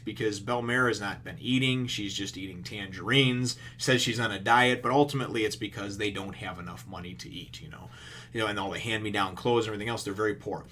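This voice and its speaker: Lowish, bright and forceful, this man's voice carries a little hiss or hum. As a manga reviewer, he delivers a rambling, filler-heavy chapter recap with casual swearing, playing out characters' lines in quick paraphrase.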